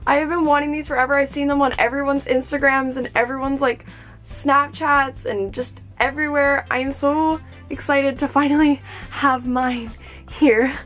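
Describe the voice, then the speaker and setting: Young female vlogger, high bright voice, gushing and bubbly, faint music under her. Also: fairly even intonation, normal speed. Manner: gushing, bubbly, repeats "oh my gosh". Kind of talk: excited unboxing vlog.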